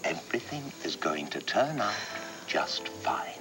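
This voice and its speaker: A man's voice: low-pitched, big pitch swings. Soothing aristocratic father. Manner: slow, gentle and reassuring. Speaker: wealthy English lord and doting father. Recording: distant mic with music under it.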